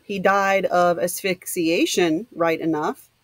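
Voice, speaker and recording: A woman's voice: on the low side, fairly even intonation, slow pace, no room sound. A woman voicing a brusque middle-aged male doctor who speaks in clipped, matter-of-fact sentences.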